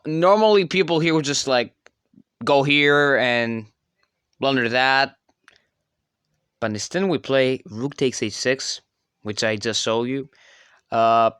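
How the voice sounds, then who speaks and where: Guy talking through his chess games, bright crisp voice, dry close mic, lots of uh and self-corrections. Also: medium pitch, dry recording. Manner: rambling, self-correcting, filler-heavy. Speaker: chess channel creator. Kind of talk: casual game commentary.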